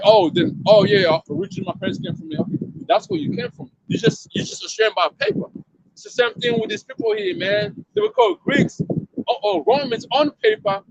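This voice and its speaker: A man's voice: very high-pitched, gravelly, slight background noise, rough recording. A man street preaching outdoors to a passer-by, emphatic and slangy, often repeating himself and asking if you see what he means.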